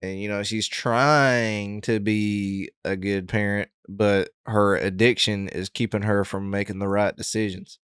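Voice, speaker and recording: A man hosting a reaction video, talking casually and thoughtfully, pausing with lots of fillers. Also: lowish voice, steady tone, a bit bright, clear, resonant tone, dry recording, studio quality. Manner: thoughtful, halting, with many fillers. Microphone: headset.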